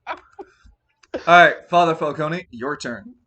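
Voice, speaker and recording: A man running a tabletop game as game master, laughing often and yelling for comic effect. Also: a little high, slow, muffled recording, a little hiss or hum. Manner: animated, laughs a lot, yells comedically.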